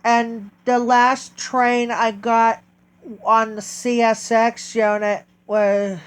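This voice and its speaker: A man talking casually in a vlog, halting and correcting himself often as he goes. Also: very high-pitched, little pitch movement, clean tone. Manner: halting, with many restarts and self-corrections. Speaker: train video vlogger.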